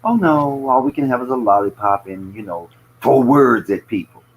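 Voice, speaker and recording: Southern-accented man, casual guest on a chat podcast, loose and profane, mid-pitched voice. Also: animated, normal speed, poor audio. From American South.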